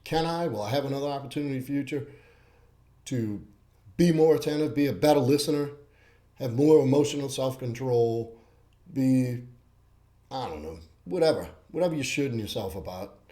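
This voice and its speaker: A man's voice: medium pitch, animated, normal speed, mellow. A man hosting his own self-help video, talking bluntly and coaching the viewer, often repeating words for emphasis. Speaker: host. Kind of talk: self-help talk to camera.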